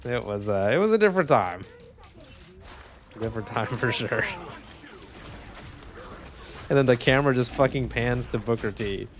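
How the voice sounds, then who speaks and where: A man's voice: mid-range voice, expressive, moderate pace, pauses often, soft background music. A young man streaming a video game, chatting in a laid-back way with frequent swearing. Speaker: gaming streamer. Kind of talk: casual chat while streaming gameplay.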